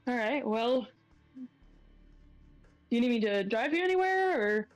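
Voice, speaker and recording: A woman voicing a relaxed, friendly man making small talk while watching TV. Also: on the high side, unhurried, dry recording, faint music behind.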